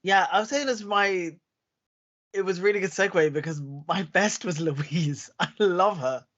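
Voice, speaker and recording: A British woman co-hosting a podcast, chatting in an animated, gossipy way and laughing often. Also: fairly low pitch, unhurried, lo-fi sound. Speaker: podcast co-host. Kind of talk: casual chat.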